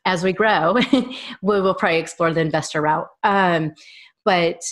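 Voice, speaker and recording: Thirties woman, kinda low voice, rambly storytelling guest in a chat. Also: measured pace. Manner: long, rambling personal storytelling. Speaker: small business owner and guest. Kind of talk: casual interview chat.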